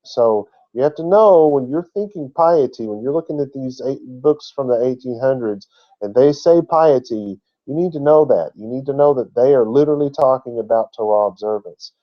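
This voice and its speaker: A Bible teacher with a mid-range voice gives an emphatic teaching talk at normal speed, spelling out words letter by letter. The sound is lo-fi.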